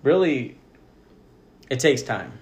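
A young man as a podcast guest, chatting casually with a dry, deadpan, mock-arrogant manner. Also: mid-range voice, slow pace, echoey room. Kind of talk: casual chat.

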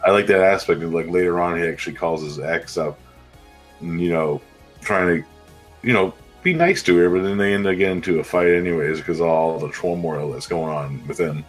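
A man's voice: deep voice, a little fast, soft background music. An American man co-hosting a casual film podcast, laid-back, swearing now and then and giving short agreeing replies. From United States. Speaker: podcast co-host. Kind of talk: casual film review chat.

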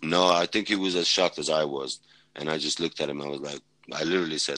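Very deep flat-voiced Swedish man. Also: quick pace, no echo, low-quality recording. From Sweden. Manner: rambling, blunt, swears freely, many restarts. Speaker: podcast guest, former fighter and medic. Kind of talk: casual podcast storytelling.

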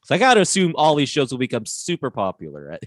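A man co-hosting a comedy podcast, wry and quick to laugh in casual banter. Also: mid-range voice. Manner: animated, wry, laughs often. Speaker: podcast co-host.

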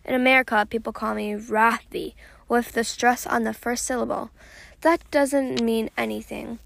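A woman reading a novel aloud in a steady first-person voice, with the odd small slip. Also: on the high side, normal speed, gravelly. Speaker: reader.

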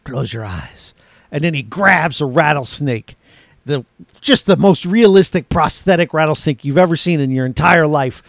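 A man's voice: fairly high pitch, moderate pace, gravelly, dry recording, clean studio sound. A man co-hosting a movie podcast, talking in casual review chat with mock-emphatic, sarcastic jokes. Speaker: podcast co-host.

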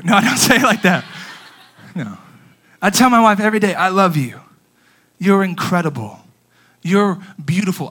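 A young male youth pastor delivers a sermon with lots of energy. His voice sits high and bright. He slows down for emphasis and swings between hushed and booming. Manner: animated preaching, swinging from soft to loud with emphatic pauses.

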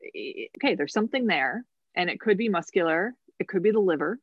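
A woman's voice: lowish voice, very animated, fairly quick, no echo, muffled recording. A woman guest on a podcast, talking casually about her bodywork practice, laughing often and thinking aloud with restarts. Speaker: guest, massage therapist and medical intuitive.

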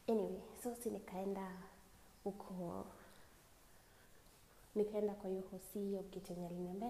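Young kenyan woman rambling through a story, mellow voice, switches into swahili slang, laughs a lot. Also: lowish voice, little pitch movement, brisk, slight background noise, low-quality recording. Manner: chatty, mixes English with Swahili slang, laughs often. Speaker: podcast host. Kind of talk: casual storytelling.

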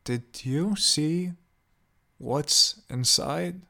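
A man's voice: mid-range voice, fairly even intonation, creaky, a little mellow, close to an everyday voice. Man putting on a cruel old woman. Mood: menacing. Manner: mock-sweet, then slow and screaming.

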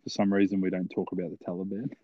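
A man's voice: low voice, racing, no room sound. Crude, laughing young man telling stories. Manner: laughing, crude, animated storyteller. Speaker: podcast co-host. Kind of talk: casual podcast chat, storytelling. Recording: dry, slightly dull sound.

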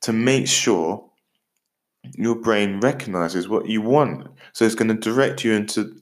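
A man from Britain hosting a motivational podcast, talking straight to the listener in an animated, jokey way. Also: fairly low pitch, unhurried. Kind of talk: upbeat motivational talk.

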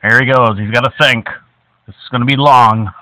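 A man making a prank phone call, crude, abusive and mocking, at times bursting into shouts. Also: medium pitch, fairly even intonation, a little fast, no room sound. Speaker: prank caller.

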